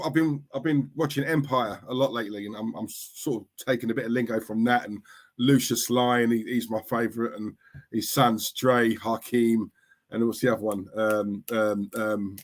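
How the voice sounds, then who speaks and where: Chatty man streaming live. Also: mid-range voice. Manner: chatty, teasing, talks to the chat. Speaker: livestream host. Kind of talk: casual live-stream chat.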